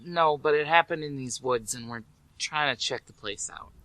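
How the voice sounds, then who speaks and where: A man's voice: medium pitch, normal speed. A man playing a tabletop game, talking casually and apologetically in character. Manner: bright, apologetic in-character talk. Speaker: player. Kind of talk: casual tabletop role-play.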